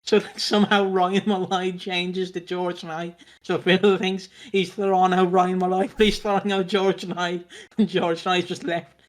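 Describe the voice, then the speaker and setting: A man's voice: high-pitched, little pitch movement, a little slow. A man co-hosting a casual chat, joking and acting out silly scenes. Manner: jokey, acts out silly scenes. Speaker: co-host.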